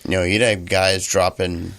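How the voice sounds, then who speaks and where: Low-voiced man, matter-of-fact, dry sound. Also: level tone, moderate pace, fairly bright tone, no echo. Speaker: podcast guest. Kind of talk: casual chat.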